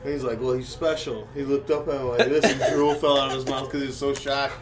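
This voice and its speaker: A man's voice: medium pitch, flat delivery, fast talker, heavy background noise. A man in casual podcast chat, loose and opinionated, telling jokes and stories. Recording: distant mic.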